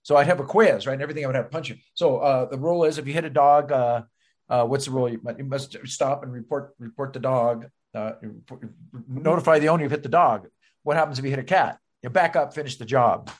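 A man's voice: mid-range voice, fast. A man, a comedian hosting a casual chat, teasing his guest and telling wisecracking stories. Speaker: stand-up comedian, host.

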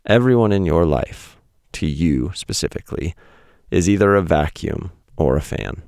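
Deep gravelly dude reading his essay out loud, dry close mic, wry self-deprecating asides. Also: lively intonation, moderate pace, dry recording. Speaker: podcast host reading his weekly writing. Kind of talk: casual spoken essay reading.

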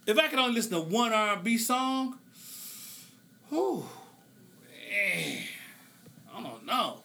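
A man's voice: high-pitched, sing-song, gravelly, pushed and bright, slight background noise. A man hosting a solo podcast, speaking, passionate and preacher-like, loose and joking at times. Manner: impassioned, preaching cadence, drawn-out phrases; loose, joking, laughs often. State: emotional, tearing up. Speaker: podcast host.

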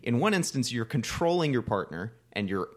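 A man talks through relationship advice in a relaxed, frank way, like the life coach he is. He co-hosts a casual podcast and explains his points step by step in an ordinary voice. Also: medium pitch, normal speed.

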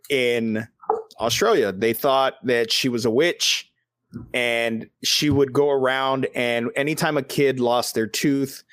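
A podcast host and father chats casually, telling loose stories packed with swearing and filler words. His voice is medium-pitched, with no room sound.

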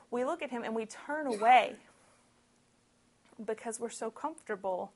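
A woman preaching a sermon, reading scripture and explaining it in a conversational, expressive way with lively asides. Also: fairly high pitch, moderate pace, pauses often.

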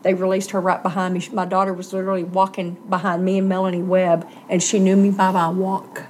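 A woman's voice: fairly low pitch, monotone, fast, darkish tone, a little hiss or hum. A middle-aged woman, earnestly telling a personal story in an interview and acting out the voices she quotes.

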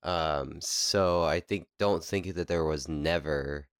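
A man's voice: extremely low pitch, slow pace, clean tone, no room sound, clean studio sound. A man co-hosting a podcast, chatting in an easygoing, agreeable way. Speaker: podcast co-host. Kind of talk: casual chat.

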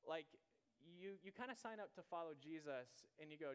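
A young man in his twenties preaches in a relaxed, conversational way, slipping into the voices of the people in his story. His voice sits a bit high and sounds smooth and clean. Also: fast. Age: 20s. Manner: chatty, says "like" a lot, acts out dialogue. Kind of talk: casual storytelling sermon.

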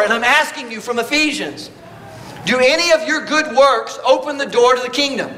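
A man's voice: extremely high pitch, normal speed, bright, forceful tone, low-quality recording. A man preaching a sermon at a church service, emphatic and full of rhetorical questions.

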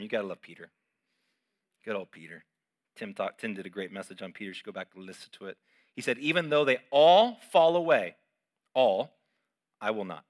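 Male pastor, middle-aged, sermon, animated and emphatic, fairly low voice, bright forceful tone. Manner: emphatic, animated preaching with sudden loud peaks.

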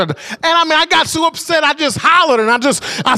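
A male preacher delivers a sermon with a high-pitched, bright, ringing voice. He tells a personal story with great animation, rising to shouts and then dropping to near whispers. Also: big pitch swings, a little fast, hardly any pauses.

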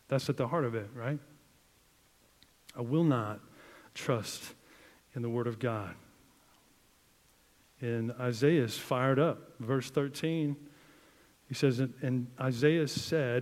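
A man preaching a sermon in a casual, conversational way, full of "like", swinging between emphatic outbursts and quiet, hushed passages. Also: mid-range voice, a little slow, long pauses. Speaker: pastor. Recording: long hall reverb.

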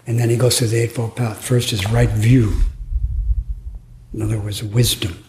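A man's voice: fairly low pitch, level tone, normal speed, darkish tone. A man giving a Zen dharma talk at a retreat, musing aloud in a playful way and laughing now and then. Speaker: Zen teacher. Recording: echoey room, faint noise.

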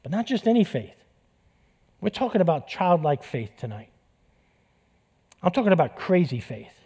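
A man's voice: fairly high pitch, sing-song, moderate pace, mellow, husky. A middle-aged man preaching a sermon in a church, conversational, joking and repeating key phrases for emphasis. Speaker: pastor.

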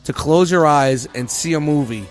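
Male co-host, higher voice, laid-back, cusses, faint music under. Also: moderate pace. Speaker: podcast co-host. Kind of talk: casual chat.

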